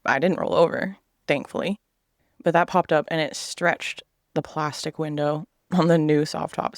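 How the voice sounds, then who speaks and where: Gravelly man telling a casual story. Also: medium pitch, no room sound, clean studio sound. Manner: swears freely, acts out quoted people. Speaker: vlogger telling a personal story.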